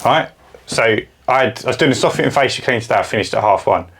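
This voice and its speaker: A man's voice: medium pitch, expressive, fast, fairly bright tone, husky. A man, co-hosting a casual podcast chat, blunt and matter-of-fact. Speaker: podcast co-host, window cleaner.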